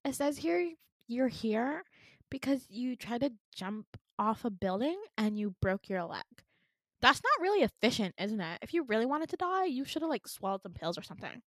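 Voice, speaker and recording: A woman's voice: fairly high pitch, a little slow, a little mellow, dry recording, studio quality. A young woman voicing a bored, snippy teenage receptionist girl who talks down in a curt, flippant way. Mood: mocking.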